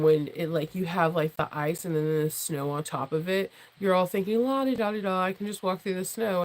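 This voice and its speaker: A woman hosting a casual sewing livestream from home. She is losing her voice, so it sits deeper and husky, and she chats in a rambling way, full of restarts and laughs. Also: low-quality recording. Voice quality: low, husky tone she calls her jazz voice. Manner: rambling and chatty, with many restarts, fillers and laughs. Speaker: sewing channel host and sewing teacher. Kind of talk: casual livestream chat with viewers.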